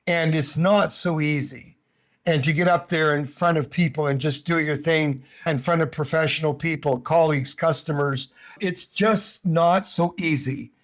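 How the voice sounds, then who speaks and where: A man with a fairly high voice talks straight to learners as their English speaking coach. He is animated and emphatic and keeps coming back to his main points. The talk is loose and conversational, like a lesson to camera. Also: normal speed. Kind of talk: casual coaching monologue. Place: home in Brazil.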